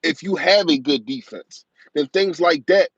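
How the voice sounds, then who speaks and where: A man's voice: on the high side, breathy edge, no room sound, highs cut off. A man hosting a live-stream sports show. He talks in a passionate, rambling rant, repeating his points for emphasis and speaking emotionally about his team. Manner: passionate, rapid, ranting fan talk with emphatic repetition. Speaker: live-stream football talk host.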